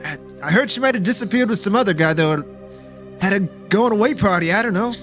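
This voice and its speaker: A rattled, boozy heavyset man who stumbles over his words and whines , voiced by a man. The voice sits noticeably higher than a normal speaking voice, with faint music playing underneath. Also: expressive, fairly quick, a bit bright. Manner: stammering, slurred and whiny. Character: drunk portly middle-aged man, confused and rattled.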